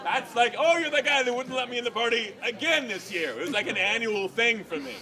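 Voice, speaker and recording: A man telling a rambling personal story to a live audience, acting out quotes and yelling. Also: very high-pitched, brisk, a crowd in the background. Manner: rambling, animated, acts out quotes and yells.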